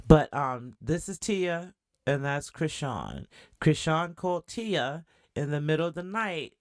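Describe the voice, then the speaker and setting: Casting: woman podcast host, talkative and animated, close dry mic. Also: deep voice, a little slow, no room sound. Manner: chatty, animated, asks the audience questions. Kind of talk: reaction commentary.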